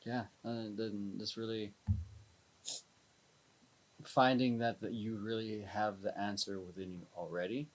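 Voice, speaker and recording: A person on a casual podcast, soft-spoken, trailing off quietly at the ends of phrases. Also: mid-range voice, fairly even intonation, unhurried, long pauses. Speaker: podcast co-host, dance company member.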